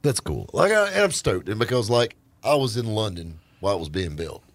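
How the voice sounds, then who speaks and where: A male radio host tells stories in a joking, animated way. His voice sits low and has a husky edge, and his pitch rises and falls widely. The studio sound is dry and close. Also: a little fast, dry recording. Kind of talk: casual on-air banter.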